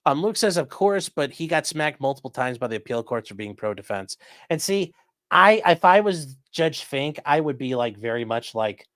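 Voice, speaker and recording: A man hosts a casual livestream, chatting loosely and reading viewer comments aloud. His medium-pitched voice is sing-song and fairly bright at a moderate pace, captured in a dry, studio-quality recording.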